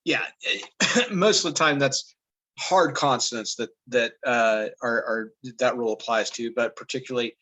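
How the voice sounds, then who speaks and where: Relaxed, halting man explaining a lesson. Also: medium pitch, poor audio. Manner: relaxed and halting, with many fillers and restarts. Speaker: teacher going through a lesson video. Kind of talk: casual spoken commentary.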